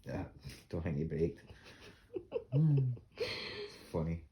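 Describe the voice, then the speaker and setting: A man's voice: sits low, big pitch swings, slow pace, warm tone. A Scottish man casually telling funny stories about his dog, laughing often. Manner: laughing often, acts out voices in anecdotes. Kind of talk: casual storytelling.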